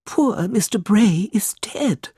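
A man voicing a frail old woman in a storybook reading, slow, quavering and high. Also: expressive, mellow, slightly rough, no echo, studio quality, exaggerated voice. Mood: shaken.

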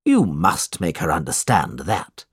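A man's voice: low-pitched, huge pitch swings, unhurried, slightly rough, no echo, clean studio sound, pitched below the performer's own voice, full character voice. A man voicing a cold, scheming uncle in a storybook reading, curt and commanding.

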